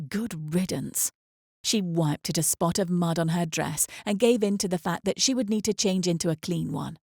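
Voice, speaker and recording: A woman narrating an audiobook in a measured, expressive storytelling manner, close to the mic. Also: on the low side, gravelly, no room sound.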